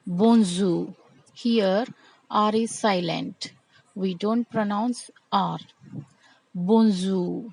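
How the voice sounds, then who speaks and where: A young woman teaching a beginner language lesson, saying each word and then repeating it slowly. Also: mid-range voice, a little mellow, low-quality recording.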